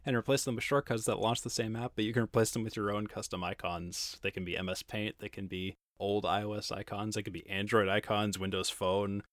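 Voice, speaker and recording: A man co-hosting a casual tech podcast, joking in a relaxed way and laughing often. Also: lowish voice, fairly quick, hardly any pauses, no room sound, clean studio sound. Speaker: podcast co-host.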